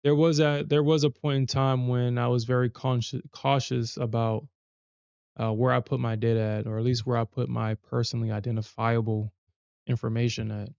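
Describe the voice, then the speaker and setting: A man's voice: mid-range voice, level tone, moderate pace, creaky, a little mellow, clean tone, no echo, muffled recording. A man hosting a trading livestream, chatting casually in a rambling way with many restarts and self-corrections. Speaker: livestream trader host.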